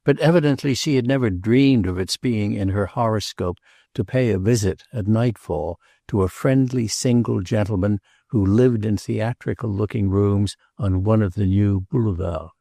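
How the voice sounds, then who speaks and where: A man narrating a classic novel as an audiobook, reading in a measured, unhurried way. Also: on the low side, gravelly, dark tone, dry recording, clean studio sound.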